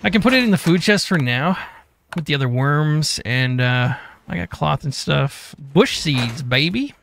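A man hosting a game live stream, greeting chat by name in a relaxed, easygoing way. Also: fairly high pitch, moderate pace, vocal fry, slight background noise. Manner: reads chat names in a relaxed drawl.

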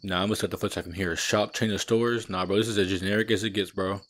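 A young man commentating a horror game he is playing, loud and exasperated, with lots of slang and cursing. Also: sits low, steady tone, quick pace. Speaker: gaming streamer. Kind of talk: let's play commentary.

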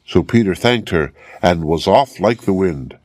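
A man reading a fairy tale aloud clearly and steadily as an audiobook for English learners. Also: low voice, animated, measured pace, darkish tone, no room sound, studio quality. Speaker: storyteller.

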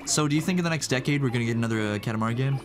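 A man co-hosting a casual gaming chat, laughing often with a high childlike giggle. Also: racing, over music. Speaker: co-host.

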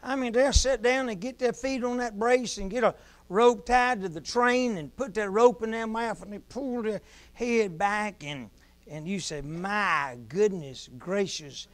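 A man preaching a sermon, repeating key phrases in a rhythmic cadence, swinging from shouted emphasis to soft asides. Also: high-pitched.

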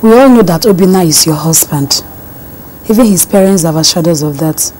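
A woman's voice: fairly low pitch, lively intonation, a little fast, a little mellow, slight background noise, lightly acted, low-quality recording. An actress playing a proud, protective middle-aged mother who soothes her daughter. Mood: motherly.

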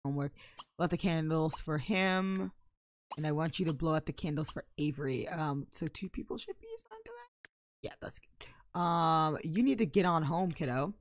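A young woman commenting casually on her life-simulation game, playful and giggly, with sudden loud bursts of excitement. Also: low-pitched, moderate pace, dry recording. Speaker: gameplay commentator. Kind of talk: casual let's-play commentary.

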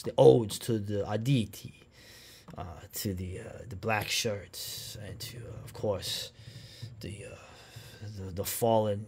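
A man's voice: on the low side, a little mellow, husky. A man giving casual, rambling commentary while reacting to a documentary, with a sarcastic streak and plenty of fillers and restarts. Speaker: reaction video host.

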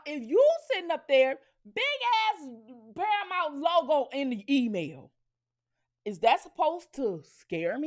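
A woman's voice: sits high, animated, a little slow. A woman hosting her own commentary channel, talking straight to her viewers in a blunt, profane rant with lots of emphatic repetition.

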